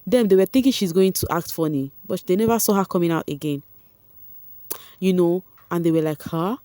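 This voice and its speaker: A Nigerian-accented woman vlogging a casual recap, chatty and animated as she keeps talking straight to her viewers. Her voice is mellow and warm. The recording is close and dry. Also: fairly low pitch, a little fast, dry recording. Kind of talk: casual reality-show recap.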